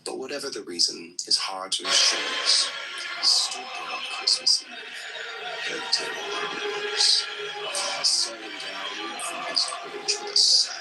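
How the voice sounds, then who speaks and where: A man who speaks haltingly and reads a children's storybook aloud, slipping into a whispery delivery. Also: on the low side, huge pitch swings, creaky, music in the background, rough recording.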